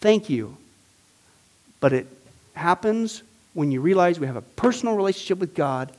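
Pastor guy teaching bible class, high voice, gets really emphatic and repeats stuff. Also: moderate pace. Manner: animated and emphatic, with exclamations and repetition.

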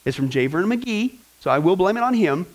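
A man preaching a church teaching sermon as pastor, lively and full of joking asides to the congregation. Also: high voice, a little fast, low-quality recording.

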